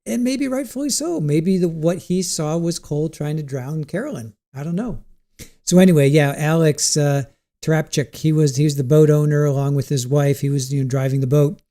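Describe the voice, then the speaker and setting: A man with a mellow, slightly higher voice chats casually on his livestream, rambling from point to point. He reads out viewer comments and answers them. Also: moderate pace. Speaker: livestream trial commentary host.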